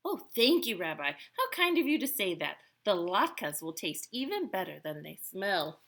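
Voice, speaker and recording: A woman's voice: mid-range voice, very animated, normal speed. A woman voicing a kindly, oblivious old grandmother who chats cheerfully to her guest in a storybook reading. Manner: chatty, warm-hearted, talking to her guest.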